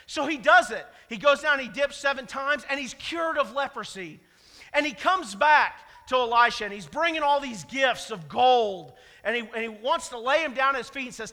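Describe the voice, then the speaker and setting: A pastor preaching in a church, his high, bright voice carried by long sanctuary reverb. He talks in a conversational way but hits his points hard, repeating the key lines for emphasis. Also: animated, moderate pace. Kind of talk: sermon.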